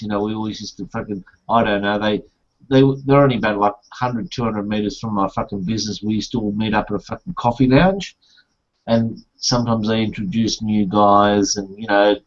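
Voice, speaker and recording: A man hosting a casual chat, joking around and rambling through stories, swearing often. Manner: rambling, swearing storyteller, jokey. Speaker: host. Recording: muffled low-fidelity audio.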